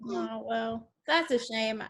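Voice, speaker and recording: A woman's voice: a little high, slow. An actress with a Southern US accent playing a bubbly, chatty young Southern girl who giggles and rambles on politely. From New Orleans, US South. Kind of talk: stage play acting.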